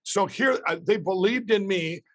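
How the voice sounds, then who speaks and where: High-voiced man. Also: normal speed, no room sound. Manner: rambling, excited storytelling with restarts. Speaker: guest. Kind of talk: storytelling in a podcast interview.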